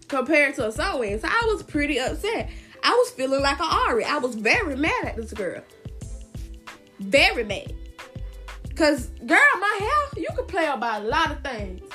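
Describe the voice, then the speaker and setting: High-voiced woman podcaster, blunt and animated. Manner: animated, blunt, swears freely, talks straight to listeners. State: voice cracking, clearing throat. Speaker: podcast host. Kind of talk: casual solo podcast rant.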